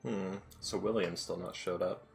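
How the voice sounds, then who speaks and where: A man's voice: deep voice, steady tone, moderate pace, vocal fry, faint music behind. A man chatting casually as game master before a tabletop game session, laughing often. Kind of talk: casual pre-session chat.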